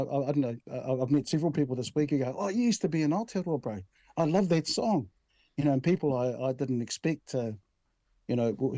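This man in his sixties, who heads a national language commission, speaks with a New Zealand accent in a relaxed conversational interview. He tells stories in an easygoing way, often restarts his sentences, and drops in "bro" and "right?". His mellow, mid-pitched voice sounds close and dry, with no room echo.

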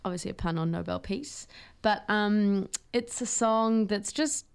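A woman with a smooth, clear voice talking casually about her band's song. She chats quickly and breaks into giggles and little asides. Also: medium pitch. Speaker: musician guest. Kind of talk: casual interview chat.

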